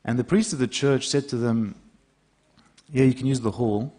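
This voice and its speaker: A man's voice: mid-range voice, normal speed, mellow. A man, a priest, preaching a sermon in a conversational storytelling way, acting out the lines of the people in his stories. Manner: conversational storytelling, acts out quoted dialogue.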